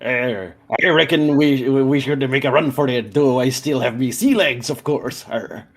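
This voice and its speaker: A man's voice: mid-range voice, pitched above the performer's own voice, lightly acted. A man voicing a blustering stereotypical pirate sea captain in a tabletop game, growling his words. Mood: swaggering. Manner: growling "arr", drawn-out pirate talk. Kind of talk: tabletop role-play voice.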